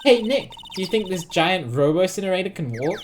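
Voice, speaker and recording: Casting: woman playing a mischievous young video game heroine, bubbly and teasing, voice bouncing high. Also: expressive, brisk, slight background noise, lightly acted. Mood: playful.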